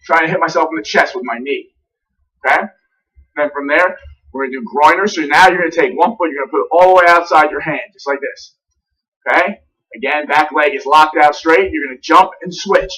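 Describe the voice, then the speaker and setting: Guy walking you through a warm-up, kinda breathing hard, sounds far from the mic. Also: on the high side. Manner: instructive, repeatedly checks in with a quick "okay?". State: breathing a little heavy. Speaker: fitness trainer. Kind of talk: demonstrating a workout warm-up.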